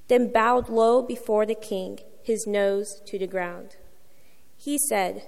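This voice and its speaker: A woman reads scripture in a church sanctuary, slow and measured. Her voice is slightly high with a gravelly texture, and a long reverb trails each phrase. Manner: measured, expressive reading. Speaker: scripture reader. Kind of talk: scripture reading.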